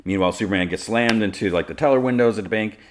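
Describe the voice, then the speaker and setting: A man's voice: fairly low pitch, fast, slight background noise. A man hosting a podcast, casually recapping a cartoon episode with lots of filler words. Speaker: podcast host.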